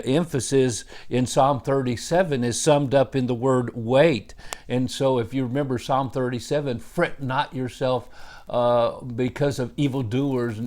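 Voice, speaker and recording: A man's voice: mid-range voice, darkish tone. Earnest pastor man teaching scripture. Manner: earnest, rising emphasis on key words, frequent "uh" fillers. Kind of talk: devotional Bible teaching.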